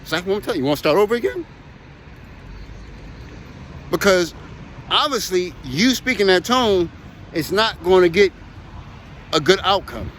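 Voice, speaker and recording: A man's voice: high voice, animated, normal speed, pauses often, fairly bright tone, a little hiss or hum. A man chatting casually outdoors while out on a walk, rambling and emphatic and often repeating himself. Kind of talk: casual chat while walking.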